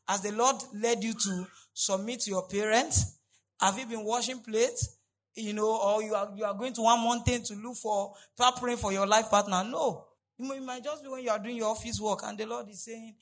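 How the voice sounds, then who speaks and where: A man preaching a sermon, repeating his points and rising to loud, emphatic peaks. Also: very high voice, poor audio. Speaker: pastor.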